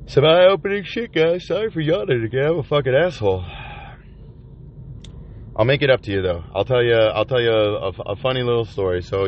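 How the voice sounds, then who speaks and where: Man, low voice, profane halting vlog confession from a van, dull lo-fi sound. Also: a little hiss or hum. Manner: profane, halting, with many restarts. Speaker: vlogger. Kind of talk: rambling confessional monologue. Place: inside a van by the ocean. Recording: dull lo-fi recording.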